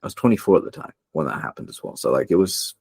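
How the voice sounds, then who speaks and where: Deep-voiced man telling a personal story. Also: sing-song, fast talker, creaky, a little mellow, slightly rough, dry recording. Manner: earnest and emotional, with frequent fillers and restarts. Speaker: podcast guest, copywriter. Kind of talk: candid personal storytelling in a conversation.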